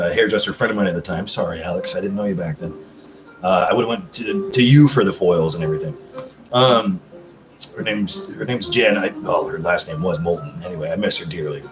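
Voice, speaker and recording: A man hosting a casual live chat, rambling, swearing freely and answering viewer comments. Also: low voice. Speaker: livestream host. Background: background music.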